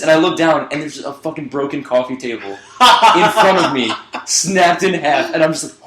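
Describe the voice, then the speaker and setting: A man's voice: fairly high pitch, fast, a bit bright. A young man casually telling a rambling story on a podcast, swearing and laughing along as he goes. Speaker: podcast co-host. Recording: echoey room.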